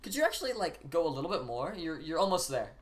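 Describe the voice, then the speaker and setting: Man streamer with lively, bouncing intonation. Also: fairly high pitch, fast, a little hiss or hum. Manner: teasing, deadpan requests, occasional laughing asides. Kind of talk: casual live-stream banter.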